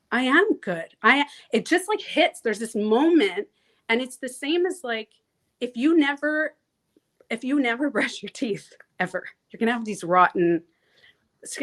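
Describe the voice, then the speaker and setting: A woman coach talking casually in an interview, animated, acting out inner voices and laughing easily. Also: fairly high pitch. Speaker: transformation coach, guest.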